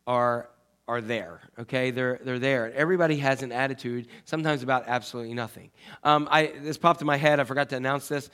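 A pastor preaching a conversational sermon, often asking the congregation questions. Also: male voice, a little high, fairly bright tone.

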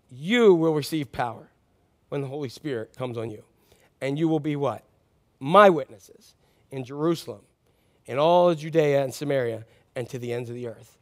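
A man's voice: sits high, fairly quick. Joking conversational male preacher. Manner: conversational and joking, with emphatic scripture reading. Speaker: pastor. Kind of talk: sermon.

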